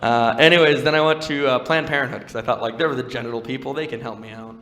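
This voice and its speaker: A young man performing stand-up on a stage mic, his bright, forceful voice carrying a long reverb through the venue. He talks conversationally and wryly, mixing self-deprecating stories with playful crowd work. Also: medium pitch, steady tone, quick pace. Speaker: stand-up comedian. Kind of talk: stand-up comedy set.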